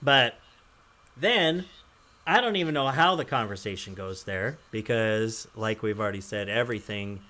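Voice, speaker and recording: A man's voice: on the low side, lively intonation, normal speed, sharp tone. Male podcast host, conversational, rambling storyteller, laughs often. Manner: rambling storytelling with frequent chuckles. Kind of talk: casual podcast chat.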